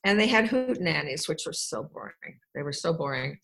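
Low-voiced woman telling her story frankly. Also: sing-song, brisk, vocal fry, a bit bright, rough recording. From Wisconsin. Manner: candid, rambling, wry, with restarts. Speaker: speaker sharing her life story. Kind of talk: personal storytelling talk.

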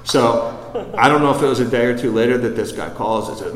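A man telling a long story to a group, wandering and chatty with plenty of asides. His voice sits at an ordinary middle pitch. It echoes around a large hall with a long tail of reverb. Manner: rambling, with quick asides. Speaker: recovery speaker sharing his story.

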